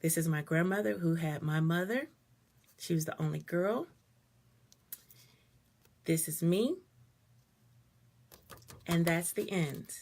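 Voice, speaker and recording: Gravelly, expressive woman talking to viewers. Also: lowish voice, slow, pauses often. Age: middle-aged. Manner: expressive, conversational, greets viewers mid-sentence. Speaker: speaker on a live stream. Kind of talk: personal talk to live viewers.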